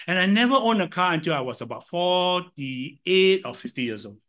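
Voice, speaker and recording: An older man with a Singaporean English accent delivers a sermon. His pitch sits a little high and swings widely as he tells stories from his life, and he keeps throwing questions at the listeners. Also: fairly quick, few pauses. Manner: animated storytelling with rhetorical questions to the audience. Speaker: preacher.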